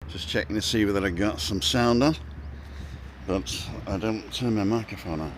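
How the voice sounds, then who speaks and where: Outdoors with hotels spread out behind him, a middle-aged man with a fairly low voice talks at a normal speed on a laid-back live stream, picked up by a camera placed in front of him. Background noise is audible. He rambles on, calling out viewers' names with little side comments.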